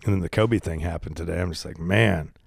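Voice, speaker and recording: A man with a low, slightly congested voice hosts a casual solo podcast from his garage. He rambles candidly and pokes fun at himself, holding the microphone close in his hand. The sound is close and dry, with no room around it. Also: quick pace, creaky, darkish tone, husky, no echo. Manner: rambling, candid and self-deprecating. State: congested, coughing and burping. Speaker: podcast host. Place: home garage. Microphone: handheld microphone.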